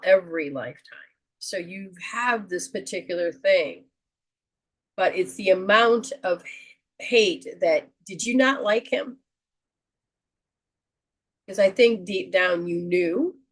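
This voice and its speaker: Woman host giving a spiritual reading; slow, earnest, counseling delivery, slightly low pitch. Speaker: host and metaphysician.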